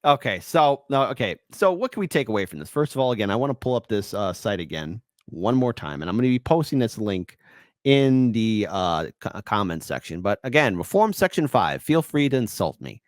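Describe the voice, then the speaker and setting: A man hosting opinion commentary, animated and indignant, rambling with restarts. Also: lowish voice, brisk, dry recording. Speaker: commentary host.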